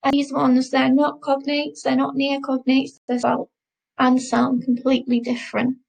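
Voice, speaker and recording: A woman teaching a recorded French lesson, modelling words slowly and repeating them for learners to copy. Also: sits high, completely flat delivery, creaky, a little mellow, rough recording. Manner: slow, careful pronunciation drills, repeating words.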